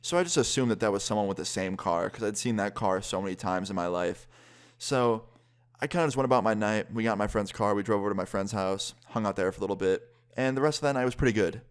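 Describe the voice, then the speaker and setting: A young man casually telling a personal story as a vlogger, lively and quick, with some swearing. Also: on the low side, clean tone. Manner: lively, fast-paced retelling with swearing.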